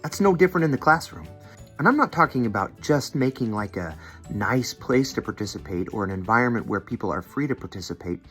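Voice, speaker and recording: A man's voice: medium pitch, expressive, a little fast, a bit bright, soft background music. A man training seminary teachers in an instructional video, friendly and demonstrating how to question students. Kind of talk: instructional video with classroom role-play.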